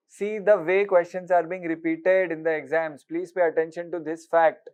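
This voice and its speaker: A man giving an exam-prep lecture, briskly quizzing listeners with repeated rhetorical questions and mixing with Hindi. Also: high-pitched, little pitch movement, darkish tone, clear, resonant tone. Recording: dull lo-fi recording.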